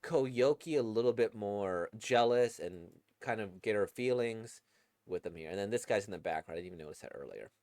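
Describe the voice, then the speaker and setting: A man's voice: on the low side, lively intonation, brisk, darkish tone, dry recording, clean studio sound. A man giving casual, chatty commentary while reading a manga, enthusiastic and full of fillers. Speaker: manga reaction creator.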